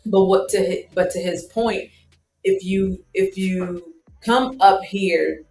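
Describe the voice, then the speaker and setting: A woman's voice: medium pitch, fairly even intonation, takes it slowly, a little mellow, reverberant, faint music behind. A woman co-hosting a casual travel live stream, making her points in persuasive repeated lists. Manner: persuasive, listing points with repetition. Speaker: travel show co-host.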